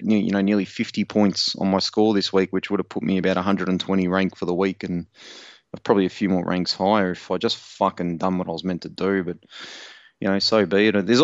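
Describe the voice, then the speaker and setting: A rambling man co-hosting a casual podcast, with plenty of swearing. His voice sits on the low side and sounds a little muffled and lo-fi. The room is dry and close. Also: no echo. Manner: rambling, swears a lot, animated storytelling. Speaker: podcast co-host. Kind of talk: casual sports podcast chat.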